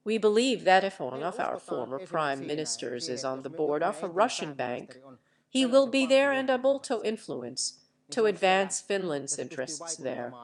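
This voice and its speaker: A woman reading a translated lecture and its audience questions, in an even, measured way, announcing each question and answer. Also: medium pitch. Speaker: narrator voicing a lecture Q&A.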